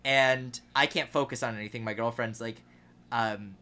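Young male podcast co-host, bright tone, animated storyteller, self-mocking. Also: medium pitch, normal speed, slight background noise. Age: 20s. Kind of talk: casual chat, storytelling.

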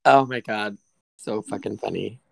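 A man's voice: fairly low pitch, measured pace, gravelly, no echo, low-quality recording. A man co-hosting a casual podcast, teasing his friend with blunt, profane jokes. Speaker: podcast co-host.

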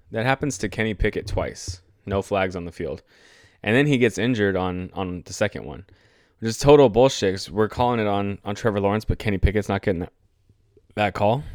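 A man's voice: lowish voice, clean tone, dry recording, studio quality. A young man hosting a solo sports podcast, ranting in a profane, exasperated and rambling way. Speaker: podcast host.

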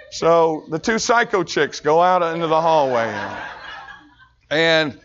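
A middle-aged American man preaching, telling a personal story with animated, acted-out voices and frequent laughter. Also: on the high side, slow pace. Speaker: pastor. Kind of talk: storytelling sermon. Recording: dull lo-fi recording.

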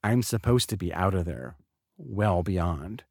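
Middle-aged guy, deep low voice, dry close sound, just talking frank about what happened to him. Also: animated, a little slow, vocal fry, a little mellow, no echo. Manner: candid, conversational, swears casually. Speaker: podcast host. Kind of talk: personal storytelling monologue.

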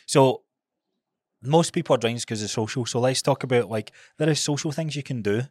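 A man's voice: mid-range voice, a little fast, a little mellow, breathy edge, no room sound, studio quality. A man with a Scottish accent co-hosting a podcast, talking bluntly and emphatically with plenty of swearing. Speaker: podcast co-host. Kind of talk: casual podcast chat.

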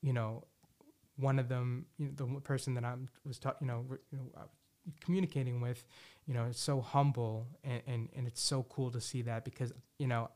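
A podcast host talks solo in a casual, rambling style, full of restarts and fillers, swearing freely and clearly excited about his music predictions. His medium-pitched voice barely moves in pitch, sounds a little mellow, and moves briskly.

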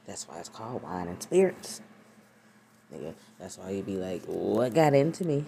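A woman's voice: a bass voice, mellow, slight background noise. A woman hosting her own podcast, chatting casually and rambling with profane, laughing asides. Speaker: podcast host. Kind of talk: casual solo podcast chat.

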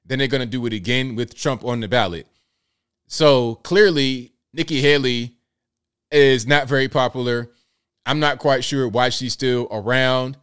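A man's voice: medium pitch, unhurried, fairly bright tone, smooth. An American man with a Southern accent, hosting a solo political commentary show, emphatic and repetitive, firing rhetorical questions at his viewers. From United States.

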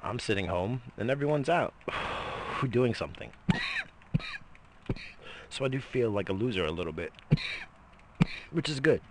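A man's voice: mid-range voice, big pitch swings, unhurried, pauses often, background noise. A middle-aged man in a casual, rambling monologue, swearing freely and coughing between lines. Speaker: vlogger.

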